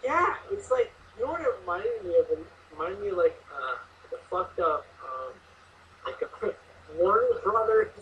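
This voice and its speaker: Excitable young man on a distant mic. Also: high voice, moderate pace. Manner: excited, laughing, lots of fillers. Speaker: co-host reviewing horror films. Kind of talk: casual chat. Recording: distant mic, muffled, faint hiss.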